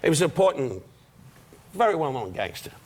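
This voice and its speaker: A man's voice: mid-range voice, very animated, darkish tone, husky. Older man trading brash insults. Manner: brash, needling, quick put-downs. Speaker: talk show guest comedian. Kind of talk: insult comedy banter. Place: television studio. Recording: studio audience laughter and noise.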